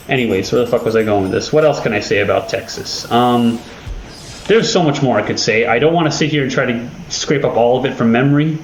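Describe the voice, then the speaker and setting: A man's voice: mid-range voice, brisk, slight background noise. Rambling, swearing man in an echoey room. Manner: rambling, profane, self-deprecating. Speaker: video host. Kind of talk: casual rambling chat over gameplay.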